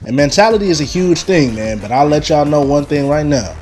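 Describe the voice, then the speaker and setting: Animated young man telling a story. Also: fairly high pitch, brisk, faint music behind. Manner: animated storyteller, talks straight to the audience. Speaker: vlogger. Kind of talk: casual storytime.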